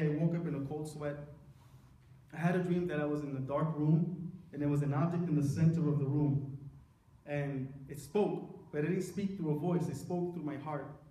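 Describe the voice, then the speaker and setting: A middle-aged man giving an earnest personal testimony to a church congregation, telling his story with dramatic pauses. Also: on the high side, mellow. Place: large church sanctuary. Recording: very echoey church, mic far off.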